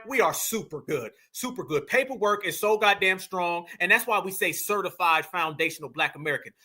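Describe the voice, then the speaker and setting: A man hosting a live stream, reacting to a clip with loud, mocking, dismissive commentary and lots of repetition. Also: high voice. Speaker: livestream host.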